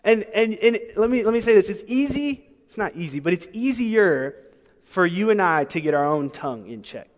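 Male pastor, higher register, emphatic sermon delivery with rhetorical asides; long reverb of a large hall. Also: lively intonation, moderate pace. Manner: emphatic, rhetorical questions, swings between soft and loud.

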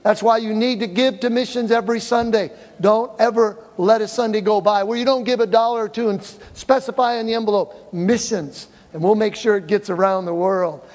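An older male pastor telling mission stories to his church and acting out the quoted voices in an animated way. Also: high voice, a little fast, hardly any pauses. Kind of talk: church mission report with slides. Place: church hall. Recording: reverberant church hall.

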